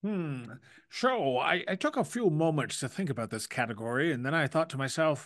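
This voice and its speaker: A man's voice: a little high, expressive, moderate pace, a bit bright, dry recording. Dry-humored Canadian man, close dry mic. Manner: dry, teasing, mock-indignant. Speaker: podcast co-host. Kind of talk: casual chat.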